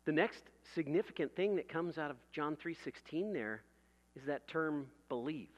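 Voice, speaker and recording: A man's voice: on the high side, expressive, moderate pace, in a large hall, muffled recording. A man preaching a sermon in a conversational way, building vivid everyday illustrations and laughing at his own jokes.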